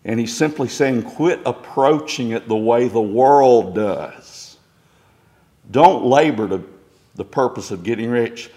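A man's voice: medium pitch, slow pace, mellow. A middle-aged male pastor preaching a sermon, reading scripture aloud and building to emphatic points.

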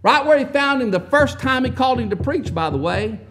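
A man preaching a sermon, telling the story with wry asides and often clearing his throat. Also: extremely high pitch, lively intonation, brisk, a bit bright.

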